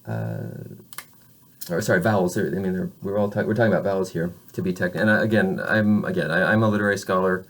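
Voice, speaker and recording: A man teaching beginner French pronunciation, explaining casually, correcting himself and modeling sounds slowly. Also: low-pitched, expressive, creaky.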